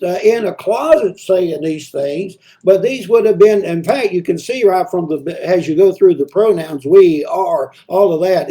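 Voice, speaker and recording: A man gives a midweek Bible devotional, reading verses and then talking them through. His voice sits high for a man but has a soft, mellow tone. He pauses often, stumbles and repeats words as he thinks aloud. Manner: conversational, reads scripture aloud then explains it; frequent hesitations and repeated words. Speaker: preacher.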